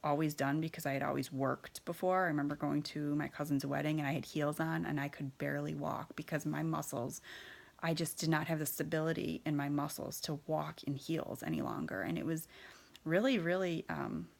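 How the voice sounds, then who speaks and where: Woman in her thirties, low and gravelly, telling her story candidly, hesitant with lots of fillers. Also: a little fast. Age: 30s. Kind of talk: personal storytelling.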